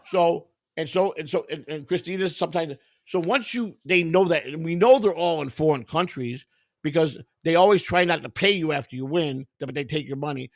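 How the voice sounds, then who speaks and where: A man with a gravelly voice and a fairly high pitch, telling a profane story on a podcast. His delivery is loud and animated. The recording is close and dry. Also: normal speed, dry recording. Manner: profane, animated, acts out other people's voices in quotes. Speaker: podcast host. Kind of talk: crude comedic storytelling.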